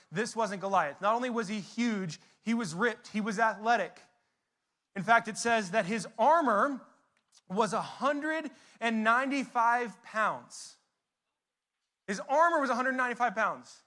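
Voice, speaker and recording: A man preaching a youth sermon in a casual, animated, conversational way, full of slang and asides. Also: high-pitched. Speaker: youth pastor.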